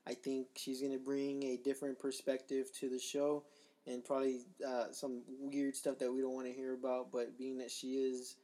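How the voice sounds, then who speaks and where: A man with a slightly raspy voice opens and hosts a casual podcast. He talks in an easygoing, unscripted way and fills his pauses with ums. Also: medium pitch. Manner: relaxed and loose, with frequent ums. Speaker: podcast host.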